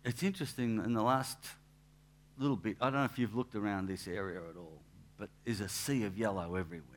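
A man, a pastor giving a relaxed, anecdotal sermon in church, with asides and restarts. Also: fairly low pitch, fast. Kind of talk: conversational sermon.

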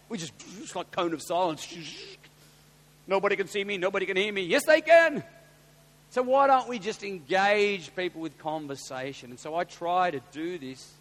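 High-voiced Australian pastor in a hall. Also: male voice. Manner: animated storyteller, swings from hushed asides to loud exclamations. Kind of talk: preaching with personal stories. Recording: long reverb of a large hall.

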